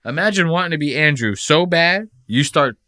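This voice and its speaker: A man hosts a podcast in a loose, profane rant, mocking what he has just watched. His voice is bright and swings widely in pitch. The sound is dry and close. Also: animated, moderate pace, no room sound. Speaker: podcast host. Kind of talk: casual comedic podcast rant.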